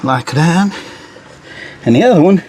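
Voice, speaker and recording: A man's voice: fairly high pitch, expressive, a little slow, darkish tone. A man chatting casually to viewers while he works on an old car in his garage. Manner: folksy, chatty, talks to viewers while working. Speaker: car restoration vlogger. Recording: noisy garage with engine and tool sounds.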